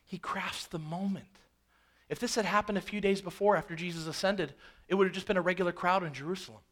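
A male pastor preaching a sermon in a conversational, storytelling way, swinging between loud emphasis and hushed asides. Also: high voice, fairly even intonation, quick pace. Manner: conversational and storytelling, acts out scenes.

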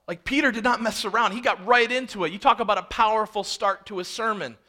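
A male pastor preaching a sermon in a conversational, storytelling way, swinging between loud emphasis and hushed asides. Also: high-pitched, fast, hardly any pauses. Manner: conversational and storytelling, acts out scenes.

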